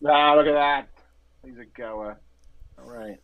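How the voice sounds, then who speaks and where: A man's voice: medium pitch, unhurried. A man playing in a tabletop horror game, describing his actions hesitantly with many fillers. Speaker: player. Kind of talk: casual tabletop play. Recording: slightly dull lo-fi sound.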